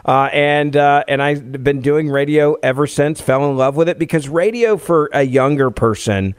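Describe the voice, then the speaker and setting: A man in his forties from Tennessee, a radio host telling a personal story as an interview guest, lively and laughing easily. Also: fairly high pitch, moderate pace, clear, resonant tone, dry recording, clean studio sound.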